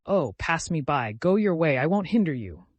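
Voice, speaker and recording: Casual: guy playing a frantic young man blurting out speeches, loud and emotional, lively swings. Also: fairly high pitch, normal speed, dry recording, voice pushed up. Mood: wild, excited. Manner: loud, impassioned, breathless outbursts.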